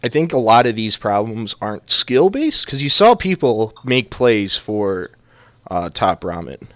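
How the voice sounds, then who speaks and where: A man with a fairly low voice casts an amateur esports match in loose, joking banter full of fillers. The sound is dry and close, with no room around it. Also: sing-song, measured pace, a bit bright, no echo. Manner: joking, rambling with many fillers. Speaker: esports caster. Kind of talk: casual esports commentary.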